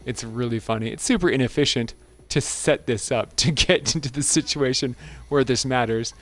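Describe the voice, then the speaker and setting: A man's voice: mid-range voice, moderate pace. A man hosting a gaming channel, giving casual gameplay commentary in an amused, chatty way and laughing often.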